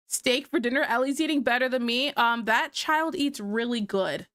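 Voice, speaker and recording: A woman with a somewhat high voice chats casually with her livestream audience as she draws. She sounds relaxed and talkative, and the recording is close and dry, with little room sound. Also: no room sound. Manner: chatty, relaxed, talks to chat while drawing. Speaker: livestreamer drawing on stream.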